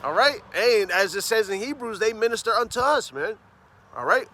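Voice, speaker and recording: High, bright-voiced fervent street preacher man. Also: animated. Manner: fervent, fills phrases with "man" and "all right?"; reads scripture slowly and emphatically. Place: outdoors on a city street.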